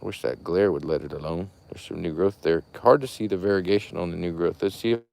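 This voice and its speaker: A man walks through his outdoor plant nursery after dark, talking to viewers about his trees. He rambles in a chatty, folksy way. His voice drifts off the handheld camera's mic now and then. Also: low voice, fast talker, vocal fry. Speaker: rare fruit tree grower and seller. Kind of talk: casual walking tour, talking to viewers.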